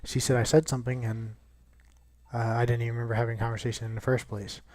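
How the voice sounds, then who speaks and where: A man's voice: medium pitch, little pitch movement, quick pace, a little mellow, no room sound. A young man chatting casually over gameplay, rambling and swearing with lots of restarts. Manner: rambling and profane, many restarts.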